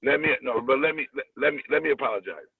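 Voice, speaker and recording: A man's voice: medium pitch, fast, gravelly, breathy edge, no echo. A man calling in as a guest comedian, chatting casually in a slangy, rambling way and repeating himself. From Springfield, Massachusetts. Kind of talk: casual chat. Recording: tinny dry phone line.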